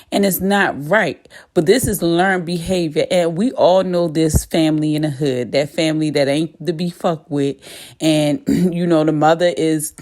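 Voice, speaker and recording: A woman's voice: lowish voice, darkish tone. A woman casually recapping a TV episode in a chatty, profane, gossipy way.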